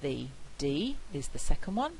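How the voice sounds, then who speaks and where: Low-voiced woman lecturing on phonetics. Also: sing-song, a little mellow, slight background noise, rough recording. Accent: non-rhotic British English. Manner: clear, deliberate, demonstrates sounds slowly. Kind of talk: university lecture.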